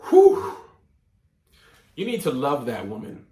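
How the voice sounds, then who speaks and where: A man hosting a comedic advice show, reading listener letters aloud and reacting in a mock-serious, animated way. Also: medium pitch, a little slow, long pauses, echoey room. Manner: animated, mock-serious, coughing fits as a bit.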